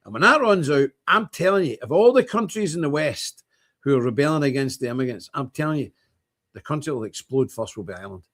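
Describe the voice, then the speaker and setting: A man's voice: mid-range voice, animated, a little fast, a bit bright. A man hosting a livestream, talking bluntly and emphatically, chuckling often. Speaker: livestream host. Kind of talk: casual ranting monologue.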